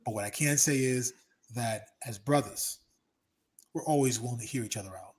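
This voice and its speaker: A man's voice: medium pitch, moderate pace. A middle-aged man hosting a casual podcast chat, telling stories animatedly and acting out other people's lines. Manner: animated storyteller, acts out quotes loudly. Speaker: podcast host. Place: Los Angeles.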